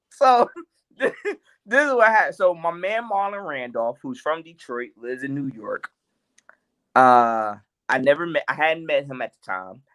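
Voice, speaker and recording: Lively man telling a comedy tale. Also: medium pitch, moderate pace. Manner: lively, acts out quotes, laughs often. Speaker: guest comedian. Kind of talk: animated storytelling in a podcast interview.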